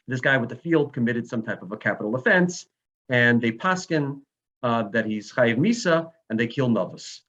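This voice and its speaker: A man's voice: mid-range voice, fairly bright tone. A man giving an emotional Sabbath sermon as a rabbi, telling stories with rising emphasis. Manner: emotional storytelling with rising emphasis and Hebrew phrases. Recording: dull lo-fi recording.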